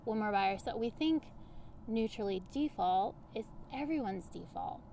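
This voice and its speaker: A woman with a slightly gravelly voice talks animatedly in a relaxed podcast conversation. She explains her coaching ideas through casual everyday examples. Her pitch sits in an ordinary middle range. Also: normal speed, slight background noise. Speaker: human design coach, podcast guest.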